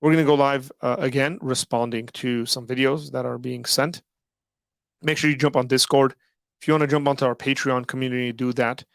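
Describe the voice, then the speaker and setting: Gravelly-voiced man hosting a call-in stream. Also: medium pitch, no echo, clean studio sound. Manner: rambling, filler-heavy, frequent "like" and "right?". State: losing his voice after hours of streaming. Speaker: host of a live call-in stream. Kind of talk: casual livestream talk.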